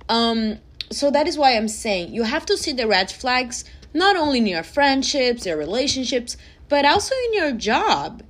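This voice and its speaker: A woman, hosting a personal podcast and speaking earnestly and emotionally to her listeners. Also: fairly high pitch. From Brazil. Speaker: podcast host.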